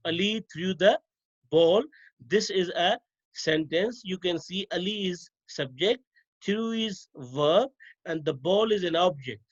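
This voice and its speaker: Guy teacher going over grammar slides, slow and repetitive, high voice, kinda dull audio. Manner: slow, repetitive explaining to students.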